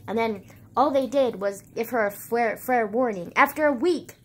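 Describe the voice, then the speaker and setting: A woman's voice: a little high, moderate pace, breathy edge. A young woman telling childhood stories to her viewers in a rambling, casual way, full of "like" and swearing. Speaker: vlogger. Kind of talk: casual storytelling to camera.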